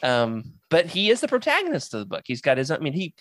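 Lively wry podcast host. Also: mid-range voice, quick pace, a little hiss or hum. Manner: animated, wry, hands out turns. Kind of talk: casual chat.

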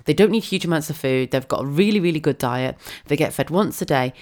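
A woman's voice: sits low, animated, quick pace, darkish tone. A woman in her thirties with a head cold, chatting casually as a podcast host and telling stories with lots of laughs. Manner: chatty and storytelling, laughs often. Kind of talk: casual monologue.

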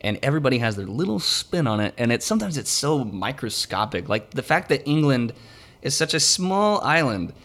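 Guy hosting a podcast, super lively voice, rambles with lots of likes. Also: medium pitch, brisk. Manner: animated, rambling, many fillers. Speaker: podcast host. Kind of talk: casual chat.

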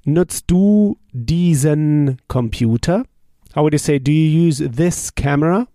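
A man teaching a language drill lesson. He asks a question, then answers it and repeats the phrases slowly and patiently. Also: a little high, expressive, mellow, no echo, clean studio sound. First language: German.

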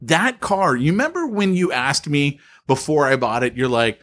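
A man's voice: a little high, animated, normal speed, fairly bright tone. Chatty man telling stories on a podcast. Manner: chatty, laughs often, storytelling. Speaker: podcast co-host. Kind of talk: casual podcast chat. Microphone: remote call.

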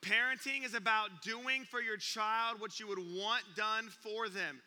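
Animated, bright-voiced young preacher. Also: male voice, sits high, a little slow. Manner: animated storyteller, acts out sounds and gasps. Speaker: youth pastor. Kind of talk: sermon with a comic story. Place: church auditorium. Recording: long reverb of a church hall.

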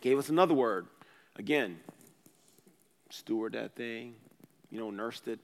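A man, a pastor, preaching a sermon in a casual, conversational way, swinging between loud bursts and quiet asides. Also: medium pitch, measured pace, vocal fry, long reverb tail, a little hiss or hum.

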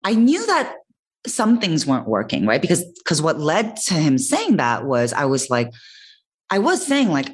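A young woman telling a personal story in a casual podcast chat, expressive and animated. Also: extremely low pitch, normal speed, slightly rough. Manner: expressive, animated, swearing and laughing. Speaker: podcast guest.

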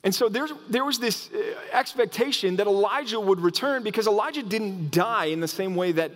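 A man preaching a sermon as pastor, in an animated way that often restarts phrases. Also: high-pitched, fairly quick, long reverb tail. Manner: animated, acts out quoted voices, frequent restarts.

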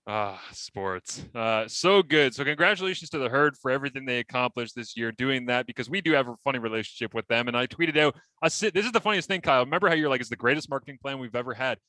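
A man's voice: medium pitch, lively intonation, quick pace, hardly any pauses, pushed and bright, no echo, poor audio. A man hosting a sports talk show, chatting casually and telling stories with a laugh.

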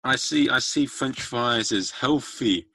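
A man's voice: mid-range voice, takes it slowly, pushed and bright, breathy edge, no room sound. A man hosting a podcast, chatting casually and making self-mocking jokes that ramble a little. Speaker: podcast host. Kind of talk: casual chat.

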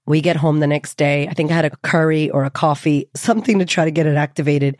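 A woman hosting a podcast, telling a personal story in a candid, lively way and swearing freely. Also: low voice, fast, dry recording, studio quality. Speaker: podcast host.

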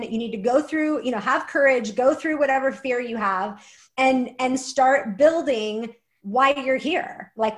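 A young adult woman, a guest and author, telling a personal story earnestly with many "like" fillers. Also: high-pitched. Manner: earnest, fast, lots of "like" fillers.

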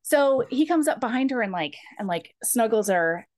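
A woman's voice: a little high, lively intonation, moderate pace, a little mellow. A woman hosting a podcast who recaps a novel in a chatty, casual way with many "like"s. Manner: chatty, full of "like". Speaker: podcast host.

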